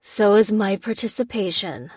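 A woman's voice: medium pitch, lively intonation, moderate pace, darkish tone, breathy edge, no room sound. A woman voicing a sarcastic young female soldier who trades dry, mocking quips.

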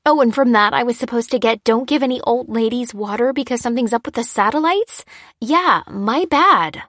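A woman reading the lines of a frightened, indignant young woman, sharp and pressing, in a storybook reading. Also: fairly high pitch, moderate pace, dry recording, studio quality, voice pushed up. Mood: alarmed.

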